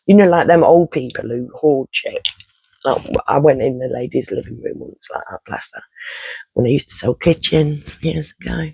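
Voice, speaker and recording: A man's voice: mid-range voice, lively intonation, normal speed, creaky, dark tone, breathy edge, no room sound, low-quality recording. A man, telling a rambling personal story in casual vlog style, swearing and interrupting himself often. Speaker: vlogger.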